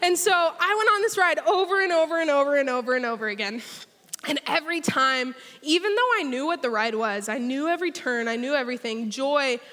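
A woman preaching a sermon in church, telling a lively story and guiding the congregation. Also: high voice, brisk. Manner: energetic, storytelling, leads the crowd in a pretend ride. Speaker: speaker at church. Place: large church hall. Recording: long hall reverb.

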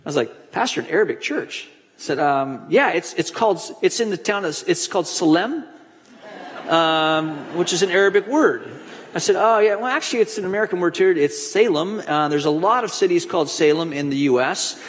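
A pastor delivering a conversational sermon, telling stories with frequent restarts. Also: male voice, sits high, expressive, moderate pace, big-room sound. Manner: conversational storytelling preacher with restarts.

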